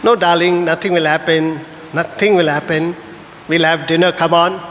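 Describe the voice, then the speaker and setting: A priest voicing a calm young husband in a sermon anecdote, soothing his frightened wife. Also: a little high, normal speed, long reverb tail, slight background noise, pitched below the performer's own voice, natural voice. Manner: soothing, gentle.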